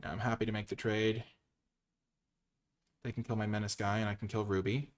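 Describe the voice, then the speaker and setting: A man commentating his own card game, switching between quiet muttered analysis and loud, mock-grandiose cheering. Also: lowish voice, level tone, a little fast. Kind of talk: gameplay commentary.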